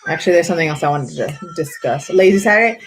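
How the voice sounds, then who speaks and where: A woman's voice: sits low, fast talker, breathy edge. Chatty woman live-streaming, faint music. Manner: chatty, rambling with many fillers. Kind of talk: casual live-stream chat.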